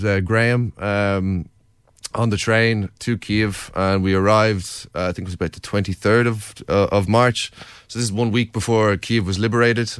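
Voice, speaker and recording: Irish guy in an interview, deep-ish smooth voice, lots of ums, earnest storytelling. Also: dry recording, clean studio sound. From Ireland, County Wicklow. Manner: earnest, recounting in detail with many fillers. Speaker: documentary filmmaker guest.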